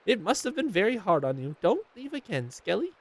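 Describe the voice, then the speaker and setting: A man's voice: high-pitched, wildly swooping pitch, a little fast, voice pushed up, exaggerated voice. A man reading a game's dialogue aloud, voicing a tender, overjoyed old grandmother in a raised, quavering voice. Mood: tender, joyful.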